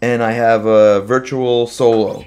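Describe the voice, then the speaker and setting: A man's voice: mid-range voice, flat delivery, measured pace, a little mellow, smooth. A man who is under the weather hosts a live question-and-answer stream from his home studio, chatting loosely with many fillers between songs. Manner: rambling, filler-heavy chat. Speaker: host. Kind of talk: live Q&A with singing. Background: guitar playing.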